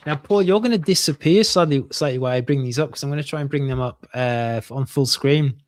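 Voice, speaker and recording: A man from northern England co-hosting a casual chat over a video call, halting often and laughing a lot. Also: medium pitch, darkish tone, no echo, clean studio sound. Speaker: podcast co-host.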